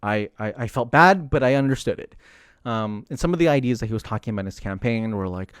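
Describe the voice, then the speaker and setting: A young man chatting casually on a livestream, rambling with lots of fillers and animated asides. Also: fairly low pitch, quick pace, clean tone, no echo, studio quality. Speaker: streamer commenting on politics.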